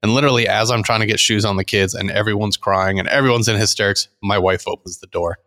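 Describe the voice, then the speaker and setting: Middle-aged male podcast co-host, low gravelly voice, lively storyteller who acts out quotes. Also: fast. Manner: animated anecdote teller, acts out quotes. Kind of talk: casual storytelling chat.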